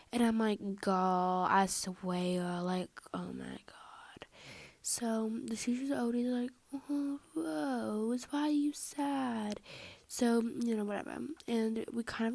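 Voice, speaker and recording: A woman's voice: a little high, creaky, a little mellow, no echo. A teenage girl telling a school drama story in a casual storytime style, chatty and exasperated, filling her talk with "like" and often dropping to a whisper.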